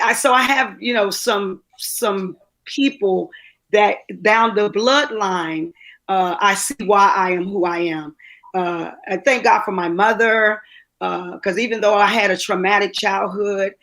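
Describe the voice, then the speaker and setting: Heartfelt woman guest, halting and choked up. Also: mid-range voice, fairly bright tone. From DMV area, US. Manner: heartfelt, halting with many fillers and restarts. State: choked up, near tears. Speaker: actress. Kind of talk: emotional testimonial.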